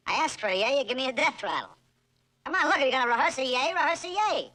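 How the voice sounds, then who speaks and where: An actor playing a fussy middle-aged children's TV host, theatrical and melodramatic, in 1960s film acting. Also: male voice, high voice, very animated, moderate pace, pushed and bright, heavily acted. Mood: exasperated. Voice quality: theatrical, exclamatory, melodramatic despair. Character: frantic, fussy male kiddie-show host, middle-aged. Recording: noisy old film soundtrack.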